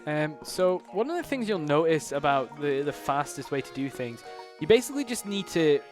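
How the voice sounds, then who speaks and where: A man's voice: fairly high pitch, very animated, normal speed, soft background music. A man from the United Kingdom giving casual live commentary on his own speedrun, explaining the game as he plays and using a lot of fillers.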